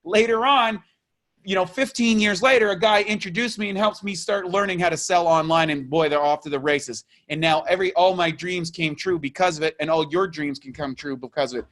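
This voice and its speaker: A man's voice: high voice, a little fast, a bit bright. Fired-up man ranting with rhetorical questions. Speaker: motivational business coach. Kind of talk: motivational rant.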